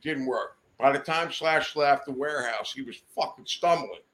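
A man of ordinary pitch spins a loose, profane story as a podcast guest. He swears constantly, trails off into restarts and laughs at his own tale. He is recorded in a studio. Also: normal speed, fairly bright tone. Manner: swears often, rambling, laughs mid-story.

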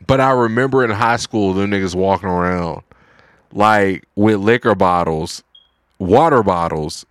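A man's voice: low voice, no room sound. A man chatting casually, rambling through a story with lots of filler words. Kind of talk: casual chat.

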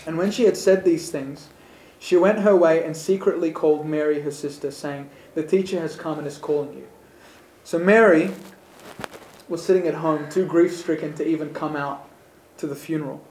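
A man's voice: a little high, fairly even intonation, moderate pace, darkish tone. Earnest man reading scripture, echoey room. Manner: earnest, reflective, builds to emphatic moments. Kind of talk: scripture reading with sermon commentary.

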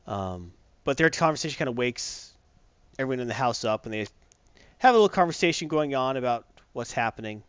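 A man casually retelling a comic book story, acting out lines in quick voices. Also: medium pitch, lively intonation, clear, resonant tone, no echo, muffled recording. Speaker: comic recap host.

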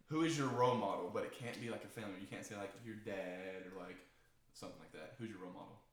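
Young male co-host, low voice, rapid patter, echoey and distant. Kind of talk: casual chat. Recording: echoey room, away from mic.

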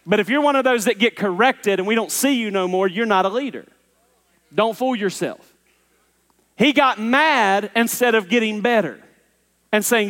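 A man preaches from the pulpit, his voice sitting high for a man and echoing through a church with a long, lingering reverb. He is emphatic, pushing hard on some lines and dropping low and intense on others. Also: animated, normal speed. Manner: emphatic preacher, swings between loud urging and low intensity. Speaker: pastor. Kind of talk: sermon. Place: church sanctuary.

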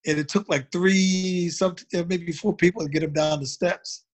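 A man from Baltimore chats casually as a guest, his voice sitting a little high for a man. He tells his stories in a loose, rambling way and keeps reaching for "you know" as he goes. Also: steady tone, normal speed. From Baltimore, United States. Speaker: drummer, guest. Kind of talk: casual interview chat.

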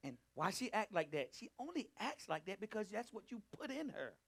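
A man teaching a Bible study, preaching emphatically and calling out to his listeners, swinging between loud and hushed delivery. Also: sits high, very animated, a little fast, creaky, husky. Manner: emphatic, calls out to the group. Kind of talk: preaching to a live group.

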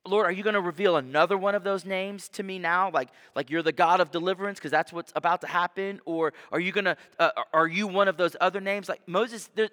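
Male pastor, bright forceful tone, casual sermon delivery. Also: on the high side. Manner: conversational preaching, acts out quoted voices. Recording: long reverb of a church hall.

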